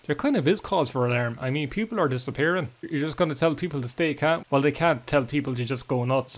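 A man's voice: medium pitch, brisk, few pauses. A man chatting and joking casually as he comments on a game he is playing. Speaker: gaming YouTuber. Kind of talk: casual let's-play commentary.

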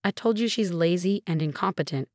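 A woman's voice: fairly low pitch, brisk, dry recording, studio quality, natural voice. A woman voicing a scornful middle-aged mother-in-law in a narrated story, with a mocking, dismissive manner.

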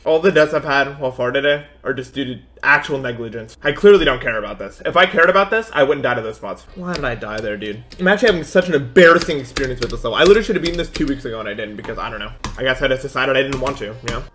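A man's voice: mid-range voice, animated, very fast, hardly any pauses, fairly bright tone. A young man in his twenties, chatting casually on a livestream while gaming, rambling with lots of "dude" and "like" and sudden frustrated outbursts. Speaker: streamer.

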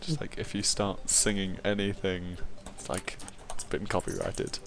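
Low-voiced English man chatting over a game. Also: flat delivery, creaky, fairly bright tone. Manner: chatty, quick to joke, many likes and restarts. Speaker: player. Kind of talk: casual chat while playing a video game.

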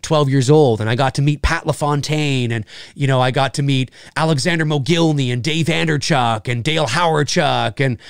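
A man's voice: medium pitch, moderate pace, vocal fry, smooth, no room sound, studio quality. A man in his forties from Canada hosting a casual live chat show, rambling, repeating himself and swearing casually.

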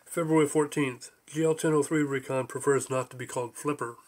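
A man's voice: medium pitch, steady tone, a little fast, darkish tone. A man reading his own book aloud as an audiobook, dry and matter-of-fact. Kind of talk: audiobook narration.

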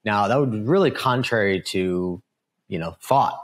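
Middle-aged male guest, deep voice, earnest testimony with lots of "you know" and "right?". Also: lively intonation, moderate pace. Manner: earnest storytelling, frequent fillers and "right?" asides. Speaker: guest, author. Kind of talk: personal testimony in a podcast interview.

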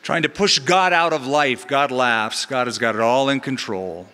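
A middle-aged man, a pastor, preaching a sermon in an animated way with joking asides, in a large church. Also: medium pitch, moderate pace. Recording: long hall reverb in church.

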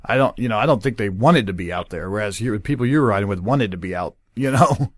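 A man's voice: on the low side, animated, fast talker, few pauses, no room sound, studio quality. A man hosting a casual podcast, asking long rambling questions and cursing bluntly. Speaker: podcast host.

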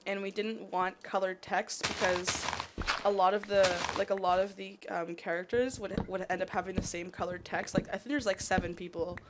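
A woman's voice: mid-range voice, fairly even intonation, normal speed. A woman from Canada chatting casually while livestreaming a game, rambling and saying "like" a lot. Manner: rambling, chatty, heavy use of "like". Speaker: livestreamer playing a modded block game. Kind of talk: casual chat while gaming. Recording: noisy home stream with mouse clicks.

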